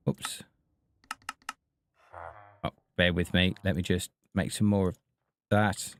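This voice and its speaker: A man narrating his own gameplay in a loose, chatty stream, often talking to the characters on screen. He speaks slowly and without hurry, in a somewhat low voice, thinking out loud as he goes. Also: level tone, slight background noise. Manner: chatty, talks to himself and the villagers. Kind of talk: casual gameplay commentary.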